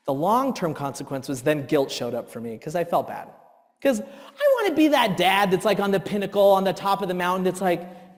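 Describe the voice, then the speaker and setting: A man in his thirties giving a workshop talk, telling stories with animated acted-out outbursts. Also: high-pitched. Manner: animated storytelling, acts out his own outbursts. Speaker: workshop presenter. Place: church hall. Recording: long reverb in a hall.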